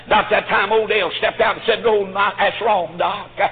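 A man's voice: high voice, fairly even intonation, moderate pace, phone-quality sound. A man preaching a fervent sermon, punctuating his phrases with "uh". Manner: fervent, with frequent "uh" between phrases.

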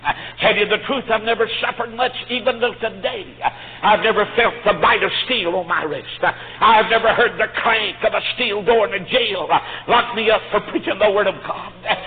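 Preacher guy going hard, high voice, lots of uh's, sounds like an old tinny phone-line tape w/ a bit of music behind. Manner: fervent, with frequent "uh" between phrases. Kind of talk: sermon.

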